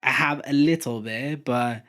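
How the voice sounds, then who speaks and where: A man's voice: mid-range voice, a little slow, fairly bright tone. A young man hosting a podcast, chatting casually and steering the topics. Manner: easygoing, steers the talk. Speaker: podcast host. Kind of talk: casual chat.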